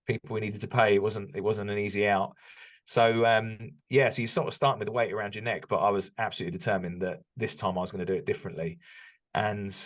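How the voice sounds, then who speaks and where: A British man talking candidly as a podcast guest, reflective and open, with frequent restarts and ums. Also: fairly low pitch. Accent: British English. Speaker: podcast guest, business owner. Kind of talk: casual interview chat.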